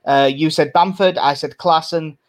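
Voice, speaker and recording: A man's voice: a little high, steady tone, normal speed. A man co-hosting a casual football podcast. He is chatty, laughs often and swears casually. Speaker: podcast co-host.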